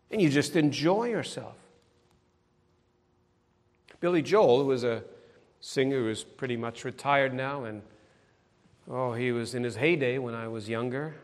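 A middle-aged man preaching a sermon, emphatic and pointed, often turning his statements into sarcastic tag questions. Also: mid-range voice. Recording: long hall reverb.

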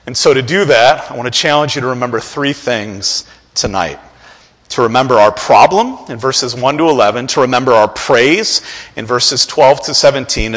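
A man's voice: fairly high pitch, a bit bright, big-room sound. A man preaching a sermon as pastor, impassioned, his voice climbing when he pleads.

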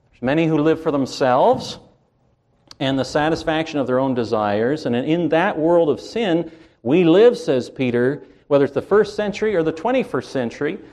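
A man preaches a sermon with a slightly high-pitched voice. He speaks slowly and deliberately, lifting his voice on key words and dropping nearly to a murmur on others. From Canada. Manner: slow, emphatic preaching with wide swings in pitch and loudness. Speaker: pastor.

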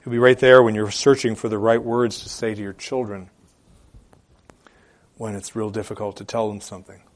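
A male pastor preaching a sermon, repeating phrases for emphasis and moving between loud declarations and quiet, hushed appeals. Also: lowish voice, little pitch movement, moderate pace. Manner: repeats phrases for emphasis with occasional filler hesitations.

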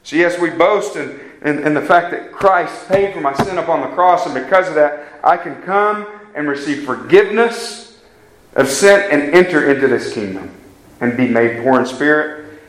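Earnest pastor preaching in an echoey hall. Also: male voice, fairly high pitch, expressive, normal speed, a bit bright. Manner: earnest, emphatic preaching with direct questions to the congregation. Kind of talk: sermon. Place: church hall. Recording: echoey church room.

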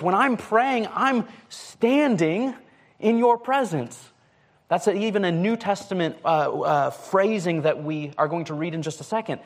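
Male preacher, slightly high-pitched, loose conversational delivery with lots of "like" and restarts. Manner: casual, with frequent "like" and restarts. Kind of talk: conversational sermon.

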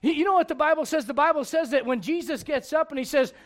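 A pastor with a strikingly high voice who preaches in a conversational, joking way. He swings between hushed, intimate lines and loud, emphatic ones. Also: fast talker. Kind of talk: storytelling sermon.

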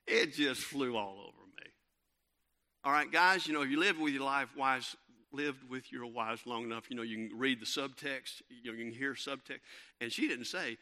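A middle-aged man, preaching a sermon and telling a lively family story with many fillers and restarts. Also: medium pitch, moderate pace. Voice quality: bright, animated storytelling with frequent fillers and restarts.

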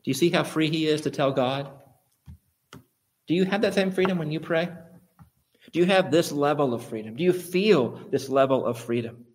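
A man preaching a sermon, asking his listeners rhetorical questions and building to emphatic, louder peaks. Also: on the high side, moderate pace, pauses often, slight background noise.

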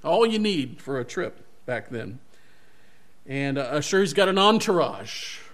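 A man's voice: a little high, sing-song, unhurried, fairly bright tone. A male pastor giving a sermon, retelling a Bible story animatedly and correcting himself as he goes.

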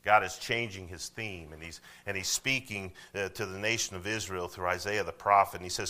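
A man preaching a sermon, talking conversationally and asking the congregation questions, swinging from loud to hushed. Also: low voice, steady tone, a little fast, few pauses. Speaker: pastor.

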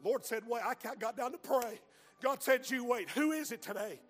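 Preacher guy, real high voice, goes quiet then hollers, big reverby church sound. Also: moderate pace, soft background music. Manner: swings from hushed storytelling to shouted exhortation. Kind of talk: sermon. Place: church sanctuary. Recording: long hall reverb.

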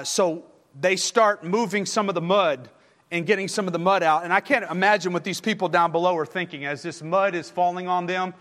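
A man preaching a sermon, telling a story in an animated way, with many fillers and restarts. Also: sits high, big-room sound.

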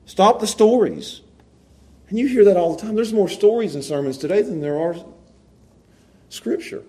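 A man's voice: high voice, expressive, moderate pace, dark tone. A man preaching a conversational sermon to his church, repeating words and restarting phrases for emphasis. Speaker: pastor.

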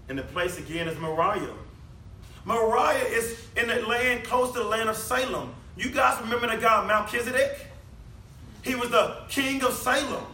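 High, bright preacher man. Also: slight background noise. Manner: conversational preaching full of rhetorical questions. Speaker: pastor. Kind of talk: sermon. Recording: echoey room, mic at a distance.

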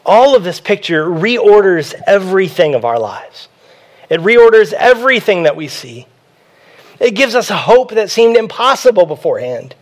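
A pastor giving a sermon in a conversational preaching manner, repeating key phrases for emphasis. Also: male voice, high-pitched, very animated, moderate pace.

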